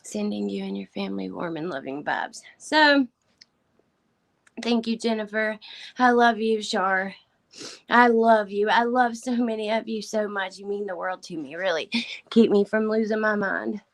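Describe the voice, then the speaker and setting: Holding back tears, a woman chats casually on her livestream and thanks each viewer by name, often sinking into a whisper. Her mid-range voice has vocal fry, and she takes her time.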